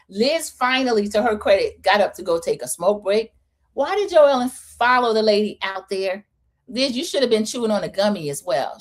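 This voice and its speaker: A chatty woman recaps a reality TV episode, full of opinions. She talks in a relaxed, easy way and acts out what the cast said. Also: mid-range voice. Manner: chatty, opinionated, animated quoting of cast members. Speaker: host.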